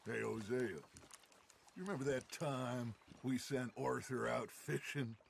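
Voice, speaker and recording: Gravelly outlaw leader, slow measured delivery, theatrical, animated pitch. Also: male voice, a little hiss or hum. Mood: reminiscing. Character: charismatic male outlaw gang leader, grandiose.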